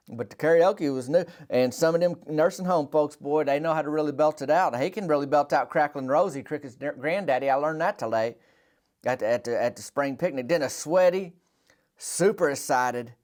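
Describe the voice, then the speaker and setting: A Southern man spins a small-town yarn in an unhurried, folksy drawl, deadpan and rambling. His pitch sits right in the middle for a man, and he lets the jokes land dry. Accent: Southern American. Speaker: comedy storyteller and podcast host. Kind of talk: deadpan rural comic storytelling.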